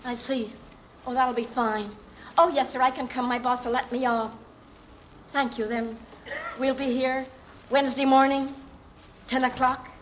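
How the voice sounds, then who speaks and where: A woman's voice: high voice, fairly even intonation, a little slow, long pauses, slight background noise, low-quality recording. A woman acting an earnest young working-class woman who politely pleads her case to a judge in a dramatic monologue. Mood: relieved.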